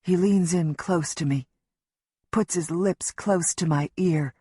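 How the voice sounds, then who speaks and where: A woman reading a thriller audiobook in the first person, in a slow and measured telling that keeps the tension up. Her voice sits in the middle of the range. The studio sound is close and completely dry. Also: on the low side, dark tone, husky, no room sound. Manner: measured, tense storytelling. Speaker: audiobook narrator.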